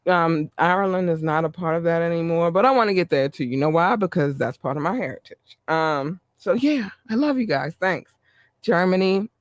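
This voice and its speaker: A man hosting a podcast, reading listener shout-outs in a chatty way with running asides. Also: a little high, no room sound. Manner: warm, chatty, reads a list with asides. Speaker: podcast host.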